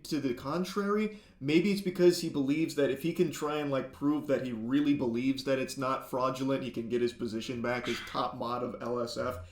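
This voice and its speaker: A man's voice: mid-range voice, steady tone, a little fast, few pauses, echoey room. A man giving video commentary, indignant and sarcastic, firing off pointed questions. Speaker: YouTube commentator.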